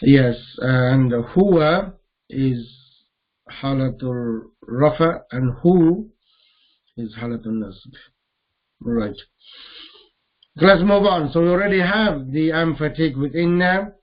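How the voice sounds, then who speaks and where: A man teaching Arabic grammar in a lesson, slowly repeating terms and putting questions to his students. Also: fairly high pitch, lively intonation, lo-fi sound. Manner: slow, deliberate, repeats terms and quizzes students. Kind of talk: live online grammar lesson.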